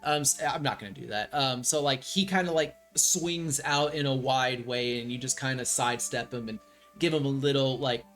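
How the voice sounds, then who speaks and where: A man narrating a tabletop role-playing game as game master, relaxed and full of ums and likes. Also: medium pitch, moderate pace, soft background music.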